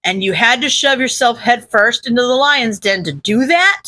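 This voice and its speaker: A brash teenage boy who snaps and sneers at everyone, as a woman reading a fan story puts him on. The voice is high and bright, quick to rise into shouting. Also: expressive. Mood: scornful. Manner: yelling insults, scornful. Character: brash teenage boy, hot-tempered and foul-mouthed.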